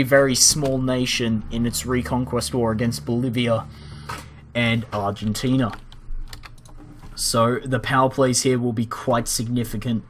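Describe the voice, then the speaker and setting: Young guy narrating a strategy game, dry and wry, middle pitch, even delivery. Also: slight background noise. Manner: measured, dry, lightly wry. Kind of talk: narrated game timeline commentary.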